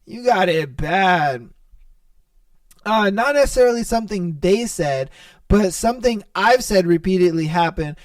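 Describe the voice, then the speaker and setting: A man's voice: sits high, no room sound, far from the mic. A young man hosting a podcast, telling funny customer stories in a casual, profane way and laughing as he goes. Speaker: podcast host. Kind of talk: casual storytelling monologue.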